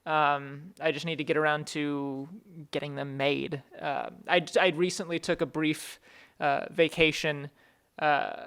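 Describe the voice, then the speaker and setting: A man hosting a podcast in casual chat, rambling and self-deprecating, his voice slightly hoarse. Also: a little high, a bit bright. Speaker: podcast host.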